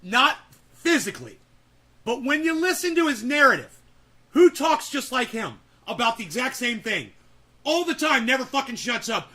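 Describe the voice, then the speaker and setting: High, bright, profane ranting man. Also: sing-song, normal speed. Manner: profane, shouting, mocking. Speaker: commentary host. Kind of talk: ranting reaction commentary.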